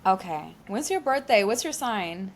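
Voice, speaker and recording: A woman's voice: mid-range voice, lively intonation, measured pace. A woman hosting a podcast, asking questions in a friendly, curious, casual way with lots of "like" fillers. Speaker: podcast host. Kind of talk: casual interview chat.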